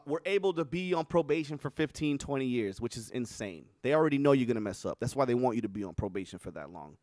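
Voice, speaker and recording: A man hosting a livestream in casual, profane commentary, animated and often laughing. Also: medium pitch, no room sound, clean studio sound. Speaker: livestream host.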